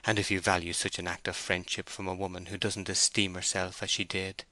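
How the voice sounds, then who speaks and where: A man's voice: deep voice, little pitch movement, fairly quick, pushed and bright, no room sound. Bathsheba, a troubled young woman read by a man. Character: young woman farm owner, proud and troubled. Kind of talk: audiobook character voice.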